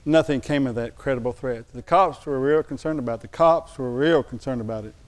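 An older man preaching a sermon, telling a personal story, slowing for emphasis and dropping to a quiet, moved tone. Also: mid-range voice. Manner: storytelling, slows down for emphasis, drops to a hushed tone when moved. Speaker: pastor.

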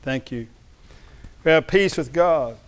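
A male pastor delivering a sermon in a clear, ringing voice. He speaks emphatically and keeps drawing the congregation in with calls to respond. His voice sits a little higher than most men's. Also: animated, takes it slowly.

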